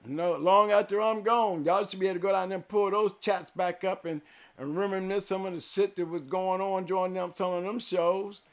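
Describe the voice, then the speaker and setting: A man with a notably high voice holds forth on his live show, hammering his points home and repeating them for weight. He swings from loud, emphatic declarations down to low, quiet reflection. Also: fairly even intonation, a little fast. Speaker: show host. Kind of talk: live-stream chat to viewers.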